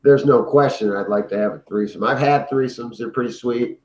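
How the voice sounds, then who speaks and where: A man's voice: medium pitch, a little fast, a little mellow, reverberant, poor audio. A man talking in a casual podcast, crude and rambling, swearing freely. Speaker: guest.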